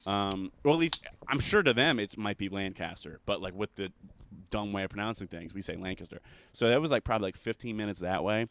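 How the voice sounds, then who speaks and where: Fast-talking low-voiced Pennsylvania man. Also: animated, a bit bright, a little hiss or hum. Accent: Philadelphia area. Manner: joking, rambling storyteller. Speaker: comedian guest. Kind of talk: casual podcast banter.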